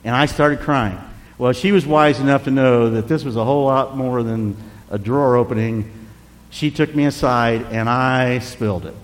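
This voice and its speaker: A man in his sixties preaching a sermon, telling a personal story with animated delivery that drops to a hush at tender moments. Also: mid-range voice, normal speed, in a large hall. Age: 60s. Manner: animated, drops to hushed tones for emotional moments.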